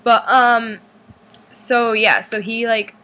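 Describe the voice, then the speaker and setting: A woman's voice: fairly high pitch, fairly even intonation, slow, sharp tone. Chatty young woman telling a story. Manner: chatty, full of "like", acts out others' lines in a squealy voice. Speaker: fan recounting a concert trip. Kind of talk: casual storytelling vlog.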